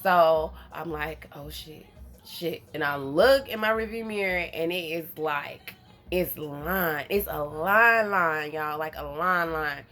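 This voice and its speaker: Profane, animated woman. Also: low-pitched, slow, soft background music. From North Carolina. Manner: animated, profane, addresses viewers as y'all. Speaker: vlogger. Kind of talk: casual storytelling to camera.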